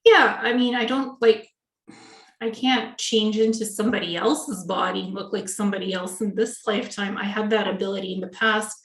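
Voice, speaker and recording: A woman's voice: mid-range voice, steady tone, normal speed. A woman chatting casually in an interview, telling family anecdotes and acting out quoted dialogue. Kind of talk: casual video-call interview. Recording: echoey room.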